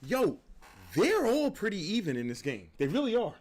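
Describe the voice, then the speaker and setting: Brief: high-voiced, lively male streamer, rambling and profane. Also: moderate pace, background noise. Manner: animated, profane, rambling banter. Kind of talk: casual gaming stream talk. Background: faint game music.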